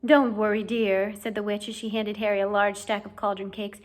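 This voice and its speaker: A woman reading a novel aloud as audiobook narration, in clear, steady storytelling. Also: mid-range voice, fairly quick. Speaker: audiobook reader.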